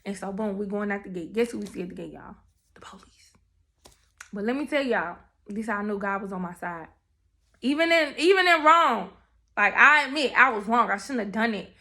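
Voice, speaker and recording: A young woman telling her testimony in casual, animated storytelling, talking straight to her viewers. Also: medium pitch, a little fast. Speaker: testimony speaker.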